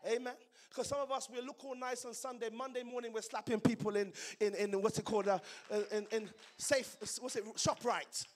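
Preacher, male, very high-pitched, fiery call-and-response sermon delivery. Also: steady tone, brisk.

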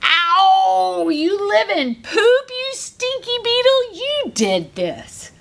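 A woman's voice: very high-pitched, sing-song, drawn-out words, creaky, a bit bright, pitched above the performer's own voice, heavily acted. Woman playing a rude, whiny bully rhino. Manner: whiny, snorting, blustery.

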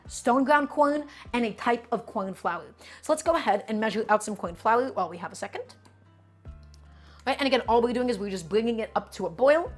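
A woman from Brooklyn, hosting a live cooking stream from her home kitchen and chatting with viewers as she works. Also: fairly high pitch. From Brooklyn, New York. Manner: chatty, talks to chat as "guys" while cooking.

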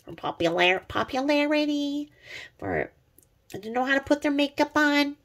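A woman's voice: sits high, animated, moderate pace, fairly bright tone. A middle-aged woman giving a sarcastic, profane gossip commentary as a vlogger, mocking someone she watches online.

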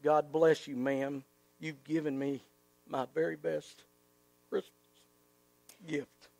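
A man's voice: on the high side, level tone, takes it slowly, vocal fry, darkish tone. A preacher doing a ragged old drunk man. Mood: hushed, tender.

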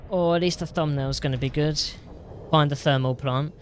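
A man's voice: fairly high pitch, steady tone, moderate pace, a little hiss or hum. A young man commentating on his own gameplay, with frequent frightened exclamations. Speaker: gaming YouTuber. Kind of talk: game commentary.

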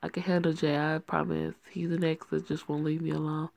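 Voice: mid-range voice, flat delivery, a little fast, gravelly, darkish tone, dry recording, natural voice. A reader voicing a guarded, snappy young woman, the daughter of a mafia boss. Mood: defensive.

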